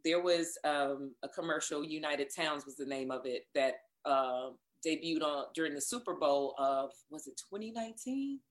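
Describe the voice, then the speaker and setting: A woman voiceover artist telling her career story in a casual interview, animated and acting out what people said. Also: low-pitched, normal speed, hardly any pauses. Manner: animated, acts out quoted dialogue.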